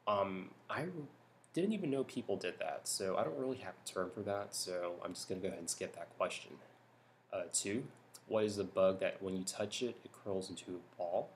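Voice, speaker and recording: A young man from California talking softly in a hushed voice at home at night for a vlog, rambling with lots of ums and restarts. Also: deep voice, normal speed, a little hiss or hum. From California, United States. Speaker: YouTuber. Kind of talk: soft-spoken vlog talk.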